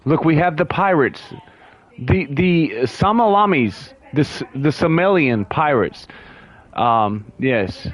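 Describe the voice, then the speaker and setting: Guy streaming a game, slow lazy rambling talk, keeps restarting lines, chuckles. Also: a little high, lively intonation. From United States. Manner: slow, drawn-out delivery. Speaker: gaming livestreamer. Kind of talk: casual livestream chatter.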